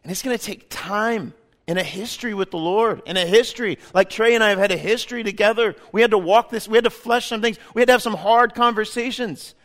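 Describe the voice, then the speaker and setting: A man preaching a sermon, impassioned, moving between hushed, tender passages and loud, fervent calls. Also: high-pitched, fairly quick.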